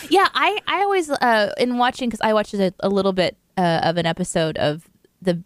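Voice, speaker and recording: A woman from the US co-hosting a relaxed interview, talking in a chatty, playful way and laughing often. Her voice sits at a middling pitch and is recorded close and dry, with no room sound. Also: a little fast, dry recording. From United States. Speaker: co-host. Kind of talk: casual interview chat.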